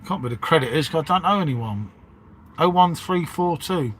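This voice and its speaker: Rambling bloke saying mate. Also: male voice, fairly high pitch, animated, normal speed, a little hiss or hum. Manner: matey, rambling, says "mate" and "innit" constantly. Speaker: livestream host chatting with viewers. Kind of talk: casual live-stream chat.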